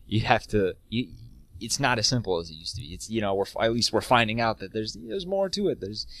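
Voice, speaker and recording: A man's voice: lowish voice, animated, moderate pace, fairly bright tone, no room sound. A man co-hosting a casual podcast chat, rambling and self-deprecating, laughing often. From United States. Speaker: podcast co-host.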